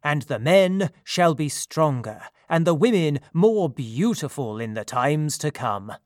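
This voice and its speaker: A man's voice: fairly high pitch, animated, measured pace, dry recording, studio quality. A man voicing a commanding king of the gods. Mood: pleased.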